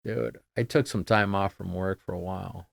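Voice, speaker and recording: A middle-aged man with a low, gravelly voice talks as a podcast guest. He speaks in a halting, subdued way, trailing off into fillers. The sound is close and dry, with no room around it. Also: steady tone, dry recording. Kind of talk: casual conversation.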